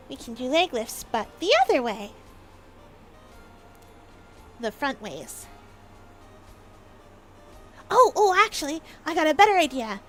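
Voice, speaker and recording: A woman's voice: sits high, bright, forceful tone. A woman streamer chatting playfully and bubbly on a casual live stream.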